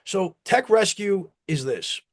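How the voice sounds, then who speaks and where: A man's voice: high voice, lively intonation, slow. Rambling man telling family anecdotes. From United States. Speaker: company founder, guest. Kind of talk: casual storytelling interview.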